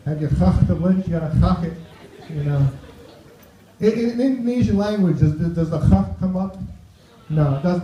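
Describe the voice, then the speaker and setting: A man's voice: high voice, warm tone, a little hiss or hum. A man performing a stand-up set on a club stage, chatty, tossing asides to the crowd. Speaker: stand-up comedian. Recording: roomy, dull club recording.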